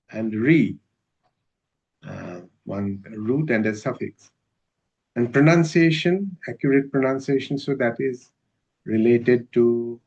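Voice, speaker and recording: A man giving a university lecture in a measured, hesitant way, with many filler sounds. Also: mid-range voice, darkish tone. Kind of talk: academic lecture. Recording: dull lo-fi recording.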